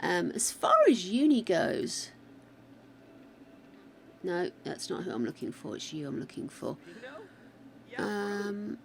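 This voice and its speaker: A woman's voice: on the low side, very animated, takes it slowly, creaky, pauses often, slight background noise. An older woman with a slightly wobbly voice, chatting with her viewers and thinking aloud while she plays a game on a live stream. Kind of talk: casual live-stream chat while playing.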